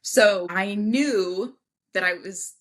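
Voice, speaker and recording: A woman guest on a podcast, telling a personal story in an animated way and acting out the voices of people she quotes. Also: mid-range voice, slow pace. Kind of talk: casual storytelling interview.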